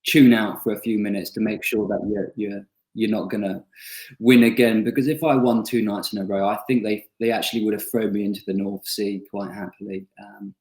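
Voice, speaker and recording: A young man tells stories about his travels in an easy, self-mocking way, often pausing on fillers. His voice sits fairly low and sounds roomy, as if recorded in a bare space. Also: steady tone, a little mellow. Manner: chatty, self-deprecating storyteller with frequent fillers. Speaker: author interviewed about his book. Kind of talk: casual anecdotal interview. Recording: roomy echo.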